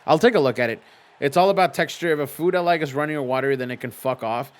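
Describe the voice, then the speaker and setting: A man hosts a casual livestream from home in front of a green screen. His voice sits at a middling pitch, and he talks in an easygoing, animated way. He reads viewer messages aloud, swears freely and laughs often. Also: quick pace. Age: adult with young children. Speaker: streamer hosting a simulated wrestling league.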